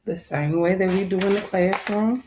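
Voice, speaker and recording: A woman's voice: medium pitch, normal speed, background noise. A woman first grade teacher with a Southern American accent, patiently walking young children through a phonics lesson and repeating her instructions.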